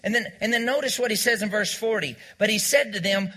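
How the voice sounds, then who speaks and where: Fairly quick and sharp in tone, a man with a high voice preaches to a church congregation, barely pausing. He repeats his key lines and has the people call them back to him.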